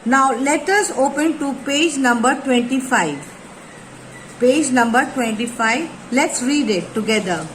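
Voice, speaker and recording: A woman teaching a lesson, reading textbook lines slowly and repeating her phrases as she explains. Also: sits high, slight background noise, poor audio. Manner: repeats phrases, slow deliberate reading with pauses. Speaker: English teacher. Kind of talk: slow classroom explanation, reading textbook aloud.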